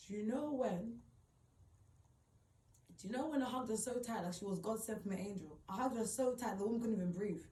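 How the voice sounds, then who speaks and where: Woman, personal storytelling, mellow voice, roomy echo, distant mic, faint background hum. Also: mid-range voice, brisk. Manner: emotional, rambling retelling full of "like". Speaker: vlogger.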